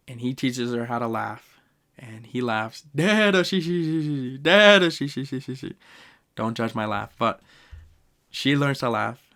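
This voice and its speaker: Young male podcast host, slight fry, mid pitch, animated and emotional. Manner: animated, emotional retelling with laughs. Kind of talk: casual podcast ranking.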